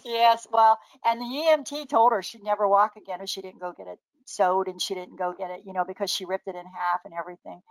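An older woman, a great-grandmother and naturopathic doctor, casually telling lively anecdotes, laughing often and acting out the voices of people she quotes. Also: medium pitch, a little fast, hardly any pauses, dry recording, poor audio. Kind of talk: casual storytelling.

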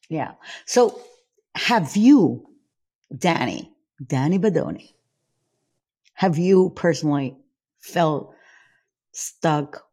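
A woman hosts an interview with a lowish voice. She asks questions and backs her guest with short, supportive agreements. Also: a little mellow, slightly rough. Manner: supportive, brief backchannels. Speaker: interviewer, program host.

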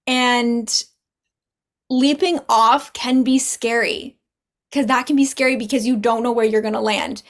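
A young woman speaks as a podcast guest, earnest and encouraging, her words often tumbling out in quick runs. Her voice sits a little high for a woman. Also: steady tone. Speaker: podcast guest, spiritual business owner. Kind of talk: casual podcast conversation.

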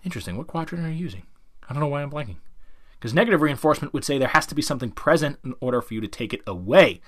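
A middle-aged man, a dog trainer, explaining his method in an animated, coaxing podcast talk that keeps checking in with the listener. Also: on the high side, racing.

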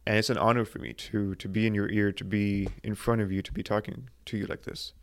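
Earnest low-voiced young man. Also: flat delivery. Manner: earnest, halting, many filler "like"s and restarts. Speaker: podcast host. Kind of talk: solo motivational podcast monologue.

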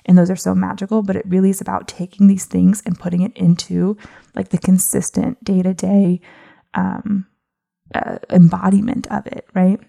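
A woman's voice: mid-range voice, little pitch movement, normal speed, vocal fry, dark tone. A young woman hosting a podcast as a business coach, chatty and encouraging, with lots of filler words. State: out of breath. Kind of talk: casual solo podcast talk.

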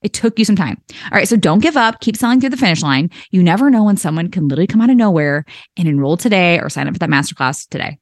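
Female podcast coach, 30s, lower voice with a very lively swing, chatty and animated, laughs a lot, dry booth sound. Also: no echo. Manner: chatty and animated, laughs often, fillers like okay and all right. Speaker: podcast host and business coach. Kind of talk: solo podcast pep talk.

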